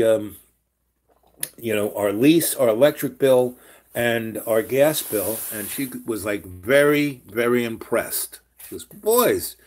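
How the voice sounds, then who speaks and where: New guy rambling through an old story, lots of restarts and side notes. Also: medium pitch. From New York. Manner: rambling, animated, many restarts and asides. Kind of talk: casual spoken storytelling.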